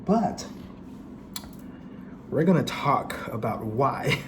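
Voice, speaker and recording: A man's voice: medium pitch, lively intonation, drawn-out words, slight background noise, poor audio. A young man chatting casually to camera while eating at home, swearing, laughing at himself and now and then a little out of breath. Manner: chatty, swearing, self-mocking, laughs often. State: slightly out of breath. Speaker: vlogger. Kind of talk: casual mukbang vlog chat. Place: home apartment, indoors. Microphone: camera set in front.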